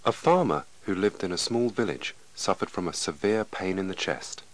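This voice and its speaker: Man, deep voice, expressive, slow deliberate lesson narration. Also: poor audio. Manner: slow, clear, deliberate reading. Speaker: lesson reader.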